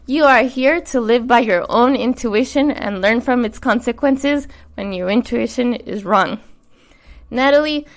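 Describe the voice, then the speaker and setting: Woman with a cold reading a letter. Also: a little high. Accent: American. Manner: earnest, frank, swears casually. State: getting over a cold, short of breath. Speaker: podcast co-host. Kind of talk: reading a personal letter aloud, then casual chat.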